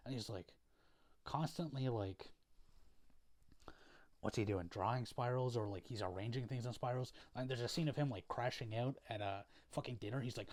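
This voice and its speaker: A man's voice: mid-range voice, normal speed, darkish tone. A young man casually recapping a story to camera in a rambling, profane way, full of fillers. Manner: rambling, profane, filler-heavy, laid-back. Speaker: video creator.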